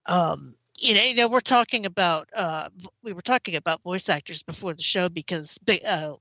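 A woman's voice: fairly low pitch, normal speed, pushed and bright, dry recording, dull audio. A woman co-hosting a casual podcast, chatty, often restarting mid-sentence. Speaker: podcast co-host.

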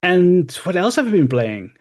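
A man with a somewhat high voice chats on a casual podcast. He tells his stories in a rambling, animated way, full of ums and restarts. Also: moderate pace. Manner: rambling, animated storytelling with fillers. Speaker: podcast co-host and streamer. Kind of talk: casual chat.

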